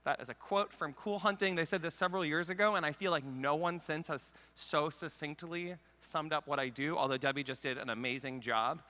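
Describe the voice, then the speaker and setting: A man with a high, very bright and crisp voice gives a joking, self-deprecating talk on stage. He speaks into a handheld mic, and the sound carries a long hall reverb. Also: steady tone. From Canada. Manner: wry, self-deprecating, quick jokes. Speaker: conference speaker. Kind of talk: comedic keynote talk. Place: large conference hall.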